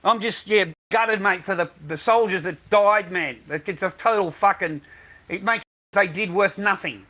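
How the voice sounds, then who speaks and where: Older Aussie bloke, bright forceful voice, swears constantly, rants to camera. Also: male voice, sits high, moderate pace. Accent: Australian. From Australia. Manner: profane, ranting, peppered with mate and man. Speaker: vlogger. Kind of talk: rambling casual monologue to camera.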